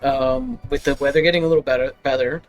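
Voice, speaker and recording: A man's voice: fairly high pitch, steady tone, fast talker, soft background music. A young man hosting a live stream, chatting casually with lots of fillers and frequent laughter. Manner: rambling, laughing often, full of fillers. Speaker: livestream host.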